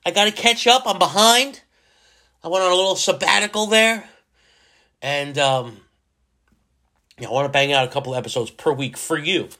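A man talks alone into the mic for his podcast, loose and chatty, breaking into little joking bits. His voice is bright and forward and sits a touch high for a man. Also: moderate pace, long pauses. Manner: chatty, jokey, acts out little imagined dialogues. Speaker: podcast host. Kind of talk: casual solo podcast monologue.

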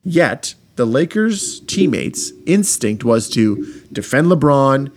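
Animated swearing man in sports chat. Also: mid-range voice, slow pace, slight background noise. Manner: animated, swears a lot, acts out quotes.

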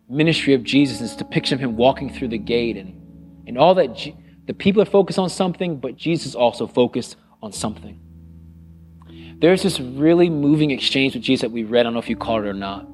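A middle-aged man preaching a sermon as pastor, earnest and conversational, repeating phrases and dropping to a hush on solemn lines. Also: mid-range voice. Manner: drops to a hushed voice on solemn lines.

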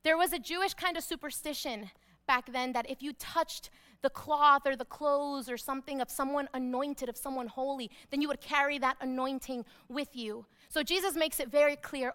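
Woman pastor, high and bright, emphatic sermon delivery with hushed repetitions. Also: steady tone, normal speed. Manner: emphatic, dropping to hushed repeated phrases.

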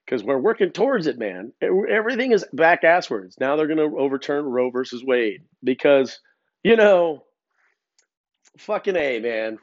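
A man's voice: a little high, very animated, normal speed, dry recording. A man hosting a podcast, ranting casually with lots of swearing, stammered restarts and filler words. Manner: rambling, profane, many restarts. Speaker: podcast host. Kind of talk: casual rant. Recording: dull, lo-fi sound.

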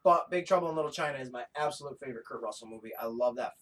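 A man co-hosting a podcast in casual chat, talking in a rambling, excitable way with plenty of swearing. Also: medium pitch, racing, low-quality recording. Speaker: podcast co-host.

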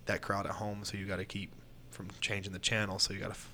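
Low-voiced man, rambling wrestling talk. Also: monotone, fast, pushed and bright, slight background noise. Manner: rambling, candid storytelling with fillers and restarts. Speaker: pro wrestler guest. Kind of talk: casual podcast chat.

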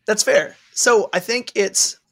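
A man's voice: high voice, slow pace, a bit bright. A man from Texas hosting a podcast in casual chat, rambling and playful, often trailing off into filler words. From Texas, United States. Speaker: podcast host.

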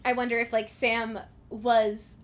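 A young woman with a somewhat high voice chats about a book on a podcast. She is animated and laughs easily, and she swears freely as she thinks her points through out loud. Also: unhurried. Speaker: podcast co-host. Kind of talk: casual chat about a book.

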